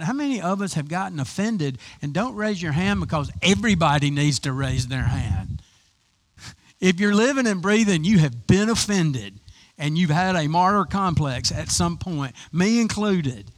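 A man's voice: a little high, lively intonation, normal speed. A man preaching a conversational sermon, with frequent restarts and rhetorical questions. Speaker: pastor.

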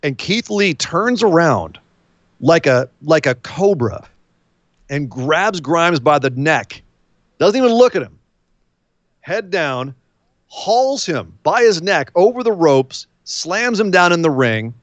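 A man co-hosting a casual wrestling podcast, telling match stories with energy and quick asides. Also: a little high, dry recording, lo-fi sound. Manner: animated storyteller, mimics wrestlers' voices. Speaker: podcast co-host. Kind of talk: casual wrestling recap chat.

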